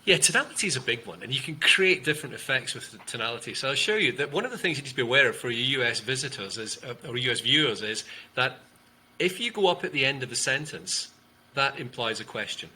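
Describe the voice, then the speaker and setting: A man, a communication coach, explaining ideas in an interview and demonstrating tone with loud and soft delivery and long pauses. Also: medium pitch, expressive, husky, poor audio. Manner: demonstrative, shifts loudness and uses long pauses to show tonality.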